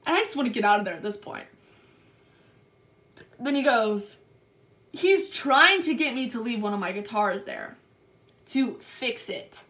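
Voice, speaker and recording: A young woman vlogger telling a story to camera, acting out the people in it with animated delivery. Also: on the high side, a little slow, pauses often. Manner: animated retelling, acts out quotes. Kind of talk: storytime vlog.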